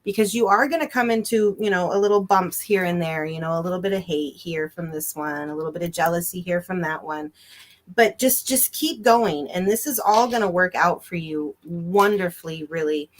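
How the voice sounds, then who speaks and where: A woman's voice: on the low side, normal speed. A woman giving a psychic reading on a live stream, reassuring and emphatic, stretching out her phrases. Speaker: psychic reader.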